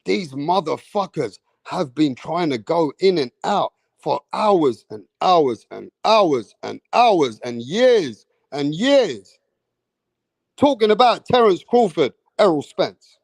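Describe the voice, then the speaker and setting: A man hosting a boxing livestream, talking in an excitable, profane, hype way. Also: a little high, slow, creaky, dry recording. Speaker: boxing YouTube host. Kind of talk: casual livestream chat.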